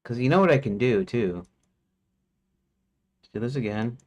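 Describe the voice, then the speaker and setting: A man's voice: mid-range voice, expressive, normal speed, darkish tone, lo-fi sound. A man streaming his game development work, thinking aloud as he goes, with restarts and counting under his breath. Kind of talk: casual work-along commentary.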